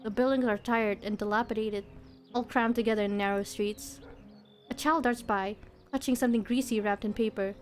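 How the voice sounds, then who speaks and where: A woman's voice: fairly high pitch, fairly even intonation, moderate pace. A woman streamer reading a visual novel aloud in a casual way, often breaking into giggles. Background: faint game music.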